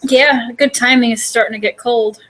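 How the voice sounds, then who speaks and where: Chatty woman vlogger with a higher voice. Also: fairly even intonation, moderate pace, fairly bright tone, low-quality recording. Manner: chatty, rambling with many fillers. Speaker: vlogger and host. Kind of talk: casual chat.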